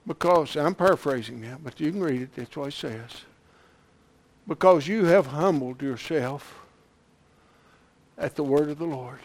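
A man preaching a sermon, moving from quiet retelling to loud, impassioned shouting with chuckles. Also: on the high side, unhurried, pauses often.

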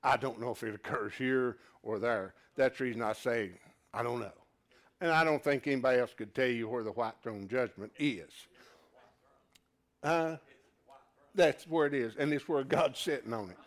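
A man preaching a sermon to a live congregation. He moves from loud, emphatic declarations to quiet, low asides and calls his listeners folks. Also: normal speed.

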